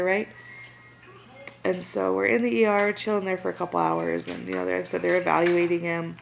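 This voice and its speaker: A young woman, casually retelling a story and acting out what others said in lively voices. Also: mid-range voice, a little fast, creaky. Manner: animated, acts out quotes of others. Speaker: new mother. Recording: noisy home recording.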